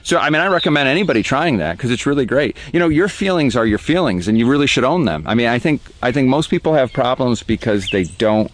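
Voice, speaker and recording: A man speaking as the guest artist in a reflective interview, earnest and growing animated when he makes a point. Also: mid-range voice, fast, few pauses, a little hiss or hum, low-quality recording.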